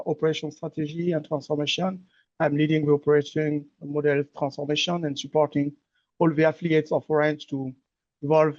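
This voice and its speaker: A man speaks as a panelist in an online discussion. His voice is fairly high yet monotone, and he keeps a steady delivery. The audio is dry and dull. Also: no room sound.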